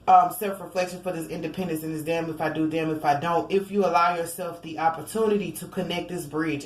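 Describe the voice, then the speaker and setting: A woman's voice: mid-range voice, a little hiss or hum. Chatty woman giving a rambling tarot reading. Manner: rambling, chatty, fillers and asides. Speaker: tarot reader. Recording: echoey room, faint ambience.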